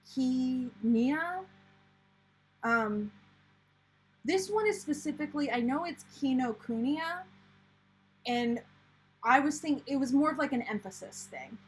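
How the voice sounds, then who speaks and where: Young American woman, casual live-stream host, loose and rambling delivery, slightly high voice. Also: breathy edge, rough recording. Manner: chatty, rambling, many fillers and restarts. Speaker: planner channel host. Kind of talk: casual live-stream chat reading viewer comments.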